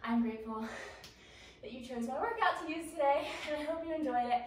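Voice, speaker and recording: A woman's voice: high voice, fairly quick, recorded from a distance, slight background noise. A woman coaching a home workout, out of breath, encouraging and counting down reps. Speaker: fitness instructor. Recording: echoey room, voice from off the mic.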